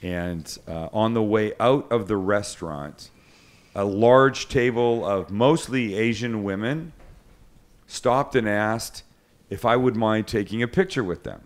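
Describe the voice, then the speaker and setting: A man's voice: lowish voice, unhurried. A middle-aged man hosting a cooking show, telling stories in casual chat. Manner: chatty storyteller, self-deprecating.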